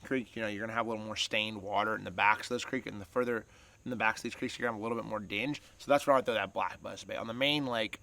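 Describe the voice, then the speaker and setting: A man's voice: on the low side, steady tone, fast talker, creaky, bright, forceful tone. A man hosting a fishing channel, chatting casually to camera as he explains his gear step by step and asks viewers for their opinions.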